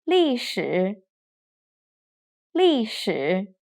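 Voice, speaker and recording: A woman teacher leading a pronunciation drill, modelling each word slowly and deliberately for learners to repeat. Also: mid-range voice, sing-song, a little mellow. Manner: slow, deliberate modelling of tones. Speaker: Chinese teacher.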